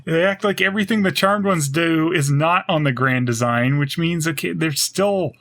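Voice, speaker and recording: A man's voice: a little high, normal speed, gravelly, fairly bright tone. A man co-hosting a podcast in casual chat, dry and incredulous, laughing along. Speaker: podcast co-host.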